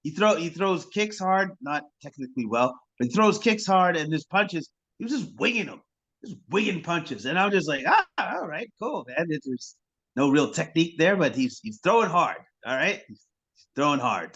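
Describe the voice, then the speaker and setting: A man co-hosting a sports podcast in casual chat, sarcastic and quick to laugh, often repeating his words. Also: a little high, fairly bright tone, rough recording.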